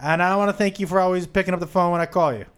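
A man's voice: sits high, racing, clear, resonant tone. A man hosting a podcast, chatting casually and teasing his co-hosts. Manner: teasing, animated banter. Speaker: podcast host. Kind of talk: casual comedic chat.

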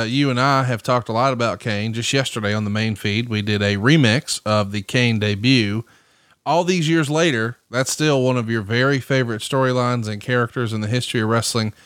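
A man's voice: mid-range voice, fairly bright tone, dry recording, clean studio sound. Upbeat teasing male podcast host. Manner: upbeat, teasing, steers the talk. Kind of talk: casual podcast hosting.

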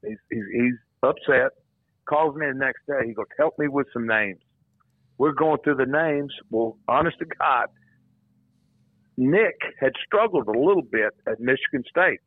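A man's voice: mid-range voice, expressive, unhurried, no room sound. An older man, a former football coach, telling stories as a radio guest and repeating his words as he rambles. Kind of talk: phone-in radio interview, storytelling. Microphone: phone. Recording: tinny phone line, dry.

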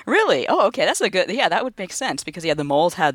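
A woman with a Canadian accent co-hosting a casual podcast chat, chatty and quick to laugh. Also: on the low side, sing-song, no echo, clean studio sound. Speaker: podcast co-host.

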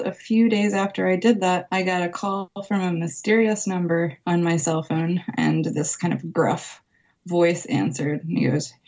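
Woman guest, animated storyteller, lowish voice, dull lo-fi remote audio. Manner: animated, laughs often, acts out voices. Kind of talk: casual storytelling interview. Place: her home.

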